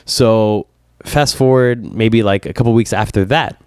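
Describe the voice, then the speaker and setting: A man on a casual podcast, telling a long story with lively swings and quoting himself in a higher voice. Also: measured pace, clean tone, dry recording, clean studio sound. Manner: animated storyteller, voice jumps up when quoting himself. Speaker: podcast co-host.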